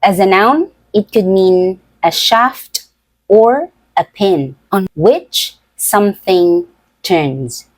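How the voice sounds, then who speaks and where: A woman teaching English pronunciation, speaking slowly and deliberately with careful enunciation. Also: medium pitch, animated, dry recording, low-quality recording. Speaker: pronunciation tutor. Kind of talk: scripted pronunciation lesson.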